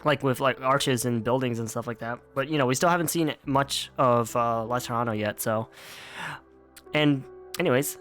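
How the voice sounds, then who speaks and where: A man's voice: mid-range voice, a little fast, a bit bright, faint music behind. A man streaming a game, chatting casually and rambling with plenty of restarts. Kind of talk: casual game playthrough commentary.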